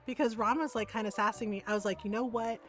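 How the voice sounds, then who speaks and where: Middle-aged woman streamer with a raised pitch, rambling and laughing, soft music under her. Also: steady tone, quick pace. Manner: chatty, laughs often, full of fillers and restarts. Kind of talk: casual gaming stream chat.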